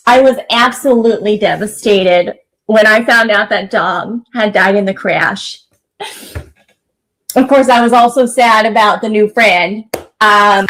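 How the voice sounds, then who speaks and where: A woman's voice: a little high, fairly bright tone, slight background noise, rough recording. A woman playing a self-pitying, sarcastic mother in a comedy sketch, pretending to cry. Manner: mock-tearful, sarcastic, overdramatic. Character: self-pitying middle-aged mother fake-crying.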